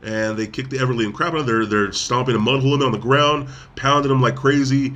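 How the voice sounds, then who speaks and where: A man's voice: mid-range voice, quick pace, a bit bright. A man co-hosting a podcast, casually retelling a film's plot with lots of fillers and restarts. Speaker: podcast co-host. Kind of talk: casual film review chat.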